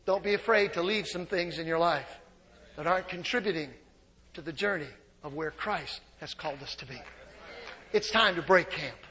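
A man preaching a sermon as pastor, swinging from hushed storytelling to shouts and joking asides with laughter. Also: a little high, normal speed. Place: church sanctuary. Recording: reverberant church hall.

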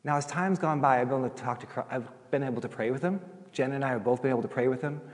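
A middle-aged male pastor telling stories in a chatty, animated sermon, acting out the voices of the people he quotes. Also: mid-range voice, rapid-fire. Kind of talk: sermon storytelling. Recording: long hall reverb.

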